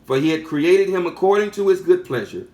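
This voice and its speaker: Male preacher with a fairly high voice, teaching from scripture, echoing his own lines and posing questions to the listeners. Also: lively intonation, brisk, mellow, highs cut off. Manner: repeats phrases for emphasis, asks rhetorical questions. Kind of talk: sermon teaching.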